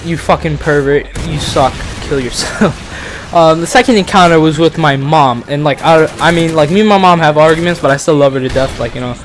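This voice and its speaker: A man's voice: a little high, fast talker, soft background music. A young man from the Bronx telling a story casually, rambling and profane, full of fillers and restarts. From the Bronx, New York. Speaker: vlogger, channel host.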